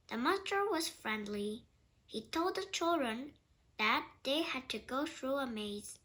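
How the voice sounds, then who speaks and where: A woman reading a children's storybook aloud, slow, clear and expressive. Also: high voice. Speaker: storybook reader.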